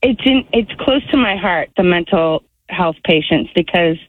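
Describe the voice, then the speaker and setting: A woman calling in to a radio show, speaking slowly and haltingly. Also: fairly low pitch, expressive, no room sound. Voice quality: slow, halting speech. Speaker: caller. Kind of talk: call-in radio chat. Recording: tinny phone line.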